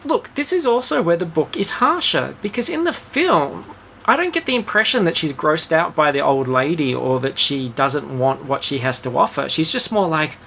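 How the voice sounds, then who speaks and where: A podcast host chatting casually about a book, with sarcastic jokes and animated, exaggerated asides. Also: mid-range voice, moderate pace, vocal fry, slight background noise. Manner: sarcastic, joking.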